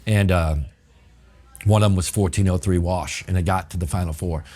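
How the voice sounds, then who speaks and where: A man's voice: sits low, fairly even intonation, normal speed, a little mellow. A middle-aged man from New Orleans with a New Orleans accent, a chef telling stories in casual, profane, rambling talk full of "you know.". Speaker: chef telling his story as a guest. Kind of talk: casual storytelling.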